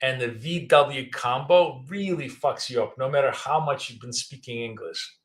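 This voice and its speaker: Bright-voiced Russian-accented man trading live. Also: medium pitch, moderate pace. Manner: casual, rambling, thinking aloud. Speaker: trading educator.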